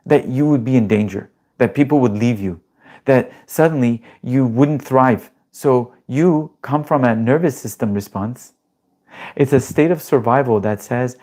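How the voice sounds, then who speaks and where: A nervous system coach delivers an animated motivational talk in a mid-range voice, guiding breathing exercises, swearing casually and posing rhetorical questions.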